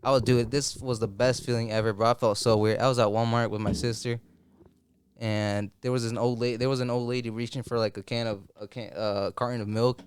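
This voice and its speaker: A man's voice: medium pitch, little pitch movement, a little fast, slight background noise. A young man hosting a casual chat, rambling with lots of likes and slang. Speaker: podcast host.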